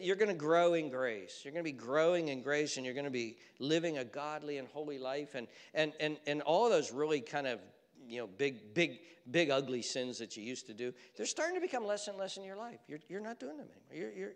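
Preacher in a reverberant hall. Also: male voice, fairly high pitch. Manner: swings from loud urgent exhortation to hushed near-whispers; repeats phrases and restarts for emphasis. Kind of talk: sermon.

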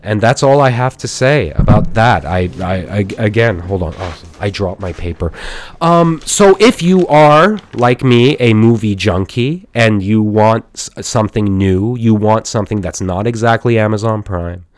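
A man's voice: lowish voice, lively intonation, measured pace, no echo. A man hosting a casual solo podcast, rambling enthusiastically with many fillers and restarts. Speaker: podcast host.

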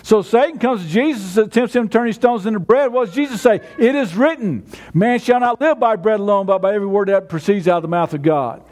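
A man's voice: sits high, fast, a little mellow. A man preaching a sermon in a conversational way, often restarting his words. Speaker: pastor.

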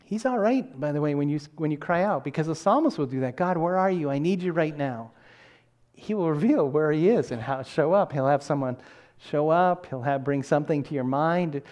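A man's voice: on the high side, expressive, a little fast, darkish tone. A middle-aged man preaching a sermon in an earnest, conversational way, often restarting his sentences. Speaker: pastor.

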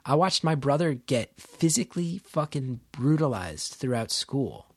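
Animated middle-aged man telling a candid story. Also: medium pitch, measured pace, husky, no room sound. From New Jersey. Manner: animated, acts out quotes, swears freely. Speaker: comedian guest.

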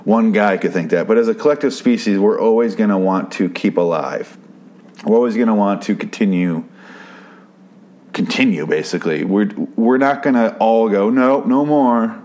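A man with a notably low voice talks through a TV episode in a loose, rambling way. He swears often, circles back and restarts his sentences, and sounds like an unscripted podcast host. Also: moderate pace, darkish tone. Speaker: TV episode recapper. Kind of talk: casual podcast recap.

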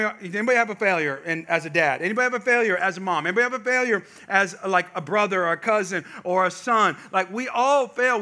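Bright, high-pitched man preaching. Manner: animated storytelling, builds to loud emphatic peaks. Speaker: pastor. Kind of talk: sermon with personal story.

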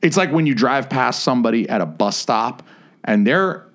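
A man co-hosting a podcast, telling a long story in casual chat, swearing constantly and getting animated. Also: mid-range voice, normal speed. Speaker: podcast co-host.

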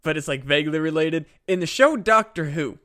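Man, podcast co-host, smooth clear voice, fairly high, loose and profane. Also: animated, fairly quick, sharp tone. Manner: loose, hesitant explaining, profane. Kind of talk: casual comedy podcast chat.

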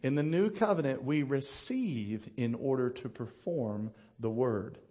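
A middle-aged man preaching a sermon as pastor, animated and asking his congregation rhetorical questions. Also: mid-range voice, a little slow.

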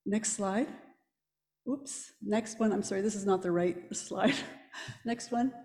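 A woman preaching a sermon in a church, telling the story in a lively way and quizzing the congregation. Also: medium pitch, takes it slowly. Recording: echoey church hall.

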